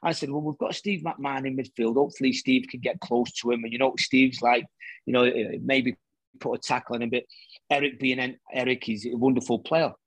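A middle-aged man, a former footballer, chatting casually as a guest and telling lively anecdotes in which he acts out the quoted dialogue. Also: mid-range voice, brisk, husky, no echo. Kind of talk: casual storytelling chat.

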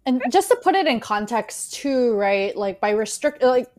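A woman from the United States co-hosting a casual astrology podcast, chatty and quick to laugh. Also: fairly high pitch, very animated, a little mellow. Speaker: podcast co-host.

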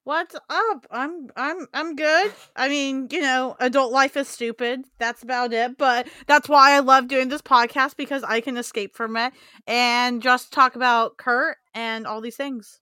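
A woman's voice: sits high, steady tone, unhurried, pushed and bright, smooth, dry recording, studio quality. A woman co-hosting a casual podcast, laid-back and giggly. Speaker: podcast co-host.

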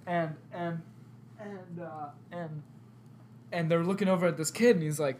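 A young man co-hosting a podcast, telling an animated story with lots of laughter and loud outbursts. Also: on the high side, a little slow, a little hiss or hum. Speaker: podcast co-host. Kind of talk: casual chat, storytelling.

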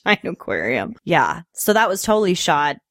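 A woman's voice: fairly low pitch, very animated, moderate pace, fairly bright tone, no room sound, clean studio sound. A woman co-hosting a podcast in casual chat, laughing often and acting out movie lines. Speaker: podcast co-host.

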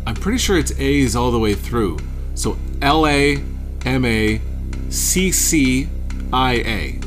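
A man's voice: mid-range voice, animated, slow pace, over music. A man in a lighthearted spelling game with co-hosts, laughing often and teasing the others. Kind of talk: playful studio banter.

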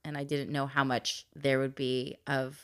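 A woman's voice: rumbling low, a little slow, clean tone. A woman hosting a casual podcast chat as an adoptive mother, telling stories animatedly, acting out quotes and laughing often. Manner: animated storyteller who acts out quotes in exaggerated voices and laughs often. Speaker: podcast host.

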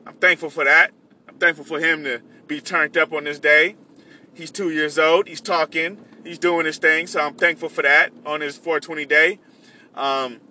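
Bright-voiced young man rambling in a car. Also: a little high. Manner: loose, rambling, many restarts and fillers. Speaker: podcast host and delivery driver. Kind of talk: casual rambling monologue.

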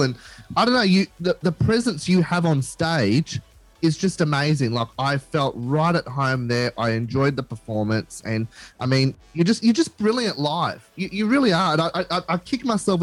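A man's voice: fairly high pitch, expressive, moderate pace, dry recording, poor audio. A man hosting a radio interview, effusive and gushing with praise for his guests. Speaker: radio host.

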